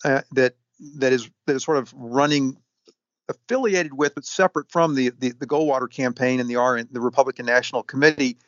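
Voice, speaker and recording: Halting, filler-heavy man, dull recording. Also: medium pitch, steady tone, fairly bright tone, no room sound. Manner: halting, many fillers and restarts. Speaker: historian guest. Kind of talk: interview answer. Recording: dull, lo-fi sound.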